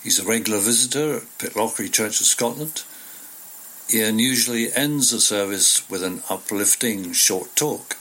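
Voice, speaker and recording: A man giving a calm, scripted introduction as a narrator. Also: lowish voice, moderate pace, low-quality recording.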